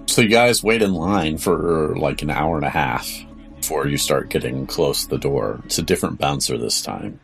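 A man narrating as game master of a tabletop game podcast, describing scenes in a relaxed, wry way. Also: very deep voice, moderate pace, gravelly, faint music behind.

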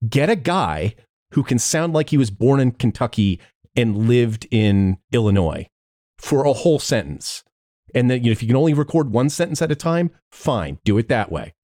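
A man's voice: medium pitch, very animated, moderate pace, warm tone, no room sound, clean studio sound. A man co-hosting a podcast in casual chat, sardonic with laughing asides. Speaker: podcast co-host.

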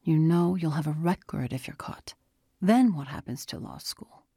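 A woman voicing a calm, probing teenage boy who questions his friend in a measured way. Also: sits low, slightly rough, no echo, clean studio sound, exaggerated voice. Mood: pressing. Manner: questioning, measured, gently pressing.

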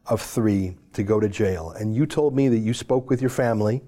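Impassioned man hosting, dark voice. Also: fairly low pitch, normal speed. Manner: emotional, pleading, swings from loud to hushed. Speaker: show host. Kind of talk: impassioned commentary.

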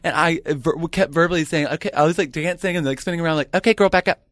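A chatty man telling stories on a casual talk show. His voice sits slightly high, and it is recorded close and dry, with no room sound. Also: fast talker, no room sound. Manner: chatty storyteller, bursts of high excitement in retold quotes. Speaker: podcast co-host, drag performer. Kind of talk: casual chat.

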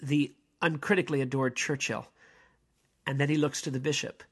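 A man, a priest, lecturing on a play in a halting, digressive way, with many fillers and restarts. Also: mid-range voice, steady tone, fairly bright tone, husky.

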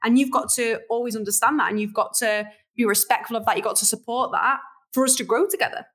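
A young woman hosts a casual podcast chat in a fairly high voice. She talks in an animated way, laughs often and drags out key words to make a point. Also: quick pace, breathy edge. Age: young adult. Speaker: podcast host.

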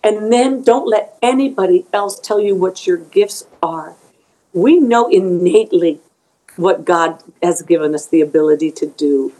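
A woman's voice: on the low side, unhurried, warm tone, poor audio. A middle-aged woman being interviewed as an author, speaking earnestly and emotionally about faith, often repeating words as she goes.

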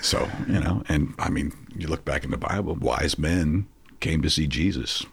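A man's voice: very deep voice, normal speed, vocal fry, slight background noise. A man in his sixties, a guest in an interview, telling reflective personal stories in a casual, anecdotal way.

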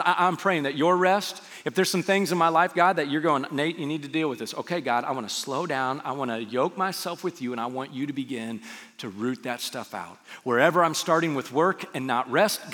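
A man preaching a sermon as pastor, acting out quoted voices and dropping into soft, hushed lines. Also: fairly high pitch. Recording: reverberant hall with faint music.

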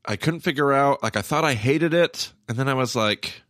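A man's voice: medium pitch, moderate pace, a bit bright, no echo, clean studio sound. A middle-aged man hosting a podcast, talking in a rambling casual way with many restarts and quoted asides. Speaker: podcast host. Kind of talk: casual podcast review chat. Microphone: remote call microphone.

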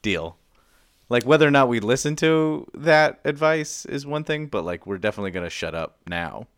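A man's voice: medium pitch, animated, moderate pace, a bit bright, smooth, no echo, clean studio sound. A man co-hosting a podcast, laid-back and agreeable in casual chat. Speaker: podcast co-host.

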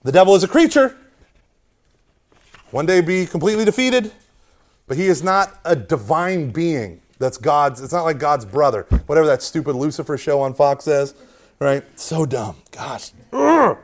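A man's voice: a little high, moderate pace. A man teaching an informal Catholic Bible class, joking often and checking in with "right?" after his points. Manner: animated, joking, keeps asking "right?". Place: hot meeting room with a live class.

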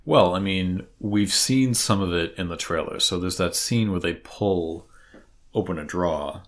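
A man with a Boston accent talks casually on a podcast in a low, deep voice. He is excitable and rambling, restarting his sentences as he goes. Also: a little slow. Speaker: podcast co-host. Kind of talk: casual chat.

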